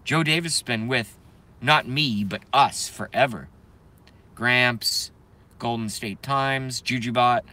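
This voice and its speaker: A man's voice: medium pitch, slow pace, pushed and bright. A young man hosting a live stream, chatting casually, joking and reading viewers' comments aloud in a rambling way.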